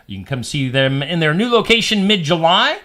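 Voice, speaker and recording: A man's voice: on the high side, very animated, normal speed, bright, forceful tone. A man hosting a radio show, reading odd news stories with jokey asides. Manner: barks like a dog for laughs.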